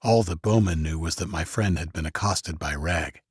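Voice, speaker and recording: Low, husky man for first-person audiobook narration, dry booth sound. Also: moderate pace, no echo.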